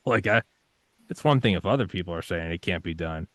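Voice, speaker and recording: A young man with a very low voice speaks in a casual interview, swearing freely and dramatizing his own doubts and determination. The sound is dry and close, with no room echo. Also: animated, brisk. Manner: intense, swearing, acts out his own panicked inner voice. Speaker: podcast guest.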